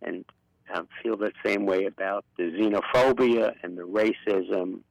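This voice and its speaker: A man's voice: on the low side, fairly even intonation, unhurried, creaky, no room sound, rough recording. An older man with a Brooklyn accent, speaking as an impassioned guest in a radio interview. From Brooklyn, New York. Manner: outspoken and impassioned. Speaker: guest, political activist.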